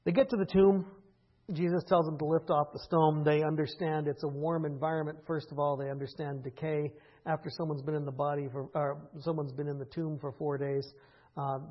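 A man preaching a conversational sermon, rising into impassioned stretches and then falling quiet again. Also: on the high side, little pitch movement, fairly quick, highs cut off. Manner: conversational preaching, builds to impassioned peaks with laughs. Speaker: pastor.

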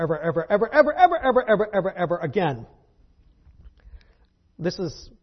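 A man's voice: on the high side, slightly rough, lo-fi sound. A man teaching a Bible lesson to a group in a conversational, wry way, with fillers and rhetorical questions.

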